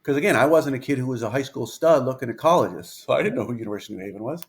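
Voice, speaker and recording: Fifties guy, baseball coach spinning a yarn, animated, does the voices, middle-pitched. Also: very fast. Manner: lively anecdotal, acts out dialogue. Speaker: pitching coach, interview guest. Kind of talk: storytelling interview.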